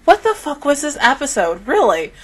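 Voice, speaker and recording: A young woman reviewing an anime episode in a loud, expressive way, swearing often and swinging between shouts and laughter. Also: high-pitched, normal speed. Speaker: anime reaction YouTuber. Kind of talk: excited anime reaction review.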